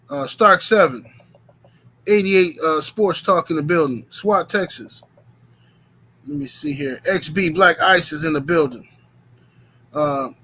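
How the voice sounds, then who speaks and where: Bright, upbeat man hosting a live stream. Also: a little high. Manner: hypes the chat, shouts out viewers by name; relaxed with many fillers. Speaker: host of a boxing talk stream. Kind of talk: casual live-stream chat.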